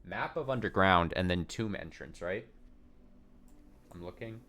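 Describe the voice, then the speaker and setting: Low-voiced man thinking aloud over a game. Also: lively intonation, unhurried, a bit bright. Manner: thinks aloud, swears casually, self-mocking. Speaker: let's play streamer. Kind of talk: casual gameplay commentary.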